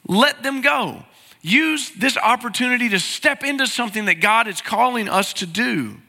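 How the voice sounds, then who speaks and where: A man's voice: very high-pitched, lively intonation, moderate pace, gravelly, bright, forceful tone. A man preaching a sermon as pastor, earnest and pleading. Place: large church sanctuary. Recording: reverberant sanctuary sound.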